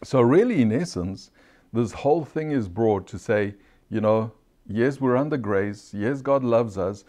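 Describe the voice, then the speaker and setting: A man's voice: mid-range voice, animated, a little slow, mellow. A man giving a casual sermon-style teaching, earnest and conversational, often asking rhetorical questions and laughing lightly. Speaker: Bible teacher.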